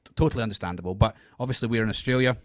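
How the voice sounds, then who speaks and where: A man's voice: fairly low pitch, dry recording. A Scottish man hosts a loose, friendly podcast chat. He often trips over his words and restarts. His voice sits close and dry on the mic. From Scotland. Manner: halting, lots of fillers and restarts, laughs easily. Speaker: podcast co-host. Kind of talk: casual chat. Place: Australia, remote call.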